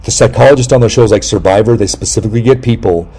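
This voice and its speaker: Rambling, mellow-voiced man chatting. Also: racing. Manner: rambling, animated storyteller who mimics people in a high voice; swears freely. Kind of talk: casual chat.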